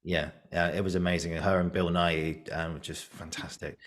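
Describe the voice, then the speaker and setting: Man, deep voice, easygoing reflective podcast host. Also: flat delivery, moderate pace, fairly bright tone. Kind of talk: casual podcast chat.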